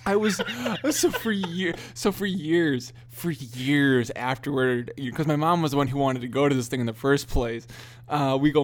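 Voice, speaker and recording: A man's voice: medium pitch, normal speed. A young man hosting a podcast, telling a story casually, often laughing and swearing as he talks. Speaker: podcast host.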